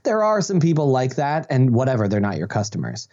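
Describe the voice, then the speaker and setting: A man as a podcast guest, telling an anecdote in a relaxed way with frequent ums and restarts. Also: medium pitch, fairly quick. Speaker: guest, webinar presenter. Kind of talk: conversational storytelling interview. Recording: slightly dull lo-fi audio.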